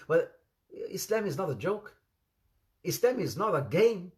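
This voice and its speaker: A lively male preacher with a high voice speaks at normal speed, delivering an informal Islamic sermon made up of amusing anecdotes. He weaves Arabic expressions into his English, acts out the voices in his stories, and laughs along with them.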